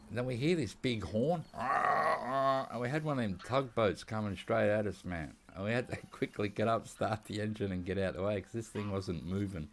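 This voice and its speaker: An Australian gaming YouTuber with a fairly low male voice spins rambling, laugh-filled anecdotes, quoting dialogue as he plays a hunting game. It's casual storytelling, and a slight hiss or hum sits under the recording.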